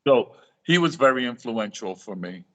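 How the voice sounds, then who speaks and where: With lively intonation at normal speed, a middle-aged man's mid-range voice relates stories as a guest reef aquarium author in a live talk show interview. He acts out what people said and restarts his sentences often.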